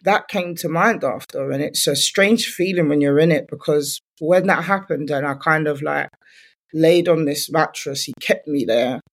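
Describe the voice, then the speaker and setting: A woman's voice: low-pitched, moderate pace. A woman, a guest in an interview, candidly retelling her own story in loose speech full of "like" fillers.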